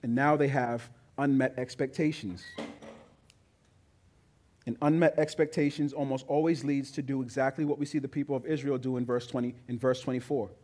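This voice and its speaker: A male pastor preaching a sermon with emphatic delivery that builds to loud, high peaks. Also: little pitch movement, normal speed.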